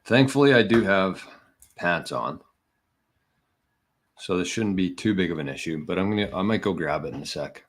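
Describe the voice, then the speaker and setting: A man's voice: sits low, animated, normal speed, long pauses. A man hosting a live podcast stream, chatting casually and scattered, a little out of breath and poking fun at himself. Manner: scattered, self-mocking, talking to viewers. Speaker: podcast host.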